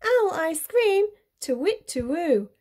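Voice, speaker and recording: A woman's voice: on the high side, very animated, normal speed, darkish tone. A woman voicing a hungry, fussy male owl with a prim, hooting manner.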